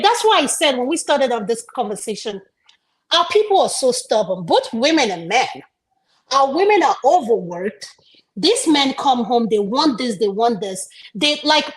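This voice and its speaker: A woman from Africa who sits on a discussion panel and argues her points emphatically. Her voice sits high. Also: rough recording. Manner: emphatic, opinionated.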